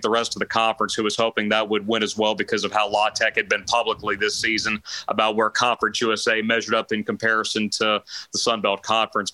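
A man talking through football plays with a bright, forceful tone and a fairly flat delivery. He lays out the details one by one, recorded dry and close. He sounds like a co-host of a sports talk show. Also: fairly low pitch, dry recording, rough recording. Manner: steady, detailed breakdown of plays. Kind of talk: analytical sports chat.

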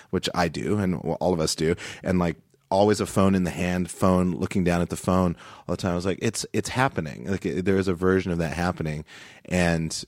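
A man as a podcast guest, talking in a rambling, animated way and quick to joke. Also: deep voice, no echo, clean studio sound. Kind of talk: casual podcast chat.

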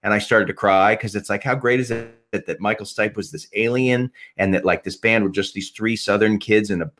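A man with a fairly low, slightly bright voice speaks fairly quickly as a podcast guest, going off on music, dropping swear words, and restarting his sentences throughout the casual chat.

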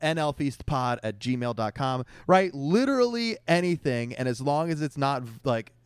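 A man's voice: mid-range voice, big pitch swings, normal speed, smooth, dry recording, clean studio sound. Jokey young man co-hosting a podcast. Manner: rambling, jokey, laughs often. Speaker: podcast co-host. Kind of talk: casual chat.

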